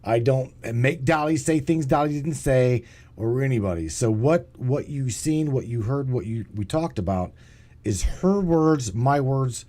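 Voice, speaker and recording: A man's voice: medium pitch, lively intonation, measured pace, mellow. Stammering man hosting a live show. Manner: stammering, restarting phrases. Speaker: show host. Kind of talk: casual live show chat. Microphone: online call setup.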